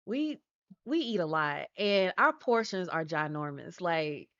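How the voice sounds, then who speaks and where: A woman's voice: on the low side, expressive, measured pace, fairly bright tone, muffled recording. A woman chatting casually on a live stream, rambling, answering her chat and laughing often. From United States.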